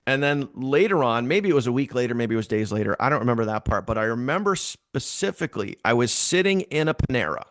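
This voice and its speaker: A man telling a casual story to his team, animated and repeating phrases for emphasis. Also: medium pitch, fast talker, few pauses, no echo, studio quality.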